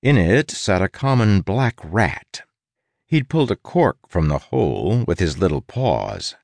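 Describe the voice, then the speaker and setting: A man's voice: deep voice, very animated, a little slow, creaky, darkish tone, dry recording. A man narrating an audiobook with wry, playful asides. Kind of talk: scripted narration.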